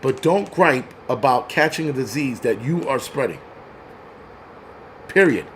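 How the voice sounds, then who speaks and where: A man's voice: mid-range voice, animated, measured pace, a bit bright, a little hiss or hum. A man hosting a crude, angry livestream rant, mocking people as he goes. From New York. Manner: angry, crude, mocks others in put-on voices. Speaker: host.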